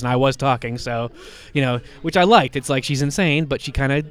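A man's voice: mid-range voice, fairly quick, hardly any pauses, clean tone. A man with a slight cold, co-hosting a comic book podcast and retelling a story in casual chat, rambling with lots of fillers and restarts.

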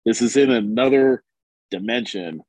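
A man's voice: medium pitch, moderate pace, dry recording, rough recording. A man co-hosting a podcast, casually retelling a comic book's story with lots of ums and uhs. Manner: relaxed, rambling with many ums and uhs. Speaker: podcast co-host reviewing comics.

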